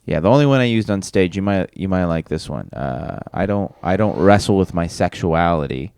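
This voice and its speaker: A low-voiced man co-hosting a comedy podcast, swinging widely up and down in pitch as he talks. He swears freely and runs himself down, stopping and restarting mid-sentence. The sound is close and dry, with no room around it. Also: animated, a little mellow, clear, resonant tone, no echo. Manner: swears often, self-deprecating, halting restarts. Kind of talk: casual comedy podcast banter.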